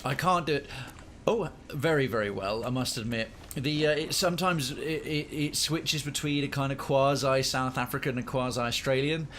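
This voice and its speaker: A man's voice: mid-range voice, normal speed, fairly bright tone, a little hiss or hum. A young British man streaming a game, chatting with his viewers in a rambling, digressive way. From United Kingdom. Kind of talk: casual gaming commentary.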